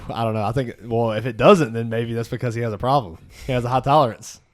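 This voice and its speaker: A young man with a drawl rattles through stories at a quick clip, swearing freely and keeping things animated. His pitch sits in the ordinary middle for a man. The talk is loose, profane podcast banter. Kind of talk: casual podcast chat.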